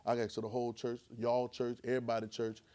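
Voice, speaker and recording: A man preaching a sermon in church, calling and answering with the congregation and rising into shouts. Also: medium pitch, monotone, fast. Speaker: pastor.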